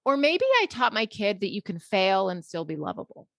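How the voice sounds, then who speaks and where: Middle-aged woman w/ a gravelly low voice, chatty candid storyteller, dry close sound. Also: expressive, normal speed, fairly bright tone, dry recording. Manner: candid, conversational, many fillers. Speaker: psychologist guest. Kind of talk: casual storytelling in an interview.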